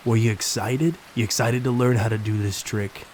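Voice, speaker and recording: A man's voice: lowish voice, fairly even intonation, normal speed, darkish tone, a little hiss or hum, close to an everyday voice, rough recording. A man voicing a creepy male party clown with a thick New York accent, coaxing and wheedling.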